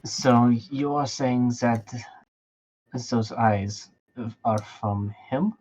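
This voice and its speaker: A man's voice: medium pitch, very slow, darkish tone, highs cut off. A man voicing a formal, guarded male adventurer who speaks in stiff, careful sentences. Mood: wary.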